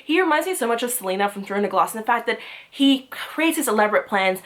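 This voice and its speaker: A young woman book vlogger talks through her monthly reading wrap-up at a quick pace in a fairly high voice. She's casual and gushing, often breaking into loud, excited squeals.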